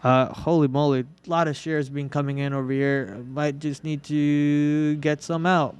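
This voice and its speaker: Smooth-voiced young man, casual trading host. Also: on the high side, fairly even intonation, a little slow, highs cut off. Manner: joking, melodramatic whining about losses. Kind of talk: casual live trading commentary.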